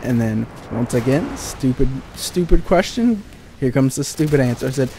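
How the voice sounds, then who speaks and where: A man's voice: medium pitch, animated, moderate pace, warm tone, a little hiss or hum. A young man telling exasperated, sarcastic, profane stories about retail customers over gameplay. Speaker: gaming channel commentator. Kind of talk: ranting storytime over gameplay.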